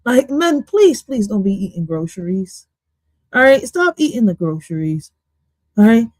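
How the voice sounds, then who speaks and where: A woman's voice: mid-range voice, very animated, normal speed, a little mellow, dry recording. A woman reacting to a podcast clip on her stream, goofy and swearing, slipping into now and then. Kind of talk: casual reaction commentary.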